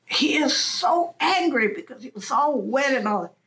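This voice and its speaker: Slow, high-voiced woman storyteller. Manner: slow, animated, chuckling narration. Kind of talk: storytelling a folk tale.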